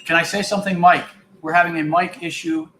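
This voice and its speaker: A man's voice: fairly high pitch, level tone, fairly quick, a bit bright. A man on a live-stream crew making wry, joking remarks in casual banter. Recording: echoey room with background noise.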